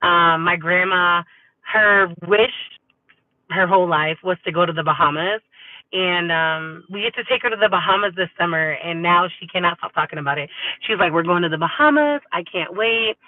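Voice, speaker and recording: A California woman hosts a livestream, chatting upbeat and casually with viewers she calls y'all. Her voice is fairly low-pitched at a normal speed, and the audio is dry and tinny, like a phone.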